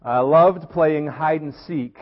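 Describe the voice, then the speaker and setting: Middle-aged pastor preaching in an echoey church. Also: male voice, a little high, slow, muffled recording. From Tennessee. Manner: conversational, storytelling preacher with fillers. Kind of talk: sermon. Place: church sanctuary.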